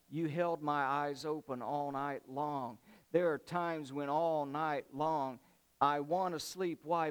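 Impassioned preacher with a smooth voice. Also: male voice, on the high side. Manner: impassioned preaching with swells of volume. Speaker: pastor. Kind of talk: sermon.

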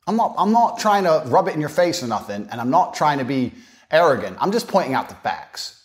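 Brash man for a podcast rant, fairly high and very expressive, swaggering and crude. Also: brisk. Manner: swaggering, mocking, profane. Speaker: podcast speaker. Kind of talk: boastful monologue.

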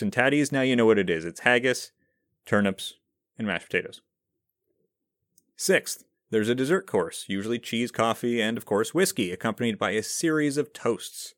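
A man's voice: on the low side, no echo, clean studio sound. A man hosting a podcast, reading a scripted explainer in a conversational, self-deprecating way. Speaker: podcast host.

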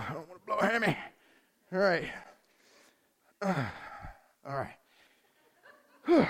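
A male pastor preaching a lively sermon, joking with the congregation and shifting quickly between reading and storytelling. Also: a little high.

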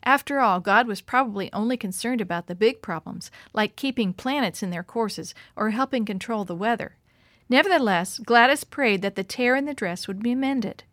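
A woman reads a children's story aloud with expressive, lively storytelling. Her voice sits fairly high, and the recording is close and dry, with no room sound. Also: normal speed, dry recording.

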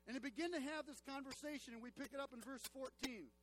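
High-voiced man preaching with emphatic repetition. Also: fairly quick, hardly any pauses. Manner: emphatic, repeats key phrases to the congregation. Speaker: pastor. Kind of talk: sermon. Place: church.

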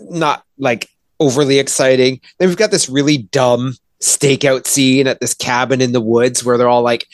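A man's voice: mid-range voice, dry recording. A man hosting a podcast and reviewing a film in casual chat, rambling with lots of fillers and swearing. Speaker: podcast host reviewing films.

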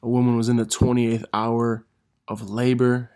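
A young man, a gym teacher, telling funny stories in a casual monologue, laughing through them and correcting himself as he goes. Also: medium pitch. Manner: laughs through his stories, animated, quick self-corrections.

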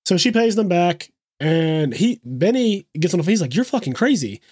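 Podcast co-host, male, higher register, lively storyteller, dry booth sound. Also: no echo. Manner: animated retelling, quick asides, frequent swearing. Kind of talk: casual chat.

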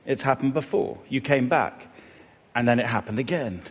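A man's voice: mid-range voice, moderate pace. A middle-aged man giving a reflective morning devotion, in a conversational, musing way with many fillers and restarts. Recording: dull lo-fi sound, long reverb.

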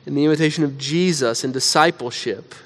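A man, a pastor, preaching a sermon in a casual storytelling way, often saying "like," then dropping to quiet, earnest emphasis. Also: on the high side, brisk. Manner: conversational storytelling with frequent "like".

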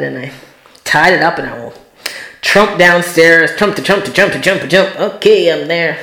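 A woman telling a personal story, expressive and acting out her own quoted words with sudden jumps in pitch and loudness. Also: measured pace. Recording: roomy echo.

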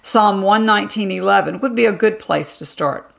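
Woman with a heavy vocal fry. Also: mid-range voice, moderate pace. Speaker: devotional podcast host. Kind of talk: scripted devotional teaching.

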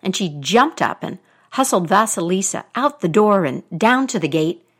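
A woman telling a folktale aloud in a deliberate, expressive way. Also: mid-range voice, slightly rough. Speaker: storyteller.

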